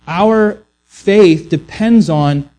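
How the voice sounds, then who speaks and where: A man's voice: high-pitched, very slow, mellow. A man preaching a sermon earnestly, often restarting words and acting out the voices he quotes. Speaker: pastor.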